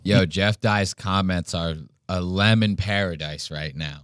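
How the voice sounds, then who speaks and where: A man's voice: low-pitched, steady tone, unhurried, a bit bright, no room sound. A man hosting a podcast, ranting and mocking a clip in profane casual commentary. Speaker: podcast host reacting to a clip.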